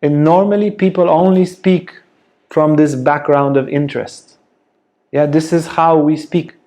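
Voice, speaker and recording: A man giving a spoken teaching talk, slow and deliberate, often checking in with a soft "yeah?". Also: a little high, steady tone. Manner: slow, deliberate, gentle delivery with frequent "yeah?". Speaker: yoga teacher.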